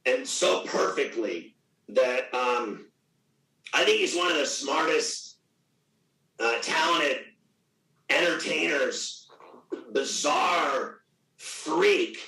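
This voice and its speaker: A middle-aged man with a gravelly voice, talking loudly, boastfully and with a lot of swearing in a casual interview. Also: on the high side, lively intonation, drawn-out words, pauses often, distant mic. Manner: loud, profane, boastful. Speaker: radio host guest. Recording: echoey room, off mic.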